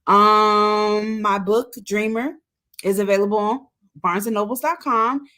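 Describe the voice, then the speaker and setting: A woman's voice: mid-range voice, a little slow. A woman guest on a podcast who is an author, casually plugging her social media, her book and her own show, with many fillers. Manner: relaxed, self-promoting, with frequent fillers.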